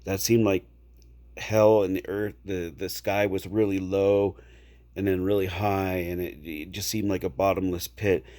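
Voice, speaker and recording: A man casually telling a personal story to camera, unhurried, checking in with the listener now and then. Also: low-pitched, flat delivery, a little mellow. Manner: unhurried, with fillers and repeated "okay?" check-ins.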